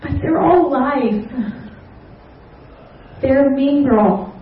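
A young woman giving an earnest personal testimony at a church gathering, with soft fillers and a confiding manner. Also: high voice, drawn-out words, far from the mic. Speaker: church speaker sharing testimony. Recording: roomy hall, slightly dull sound.

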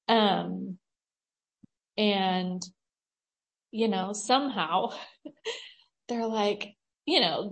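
A woman leading a group, talking in a casual, halting way with many fillers. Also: mid-range voice.

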